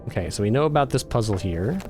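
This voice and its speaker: Casual male let's play host, animated delivery, soft music underneath. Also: lowish voice, fast. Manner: chatty, reads game text aloud. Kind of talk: casual gameplay commentary.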